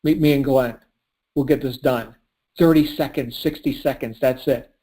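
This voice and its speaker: A man's voice: mid-range voice, steady tone, moderate pace, warm tone. A man coaching a call as a motivational sales speaker, punchy and preachy, asking and answering his own questions and laughing often. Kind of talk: motivational call pep talk.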